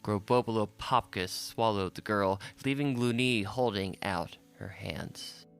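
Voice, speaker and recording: Slow, low-voiced male audiobook narrator. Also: clean tone, faint music behind.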